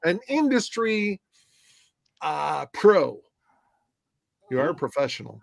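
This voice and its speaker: A man with a high voice ribs his guest in loose, joking podcast banter. His talk is playful and mock-insulting. The sound is dry and close, with little room. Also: sing-song, slow pace, creaky, no room sound. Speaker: co-host.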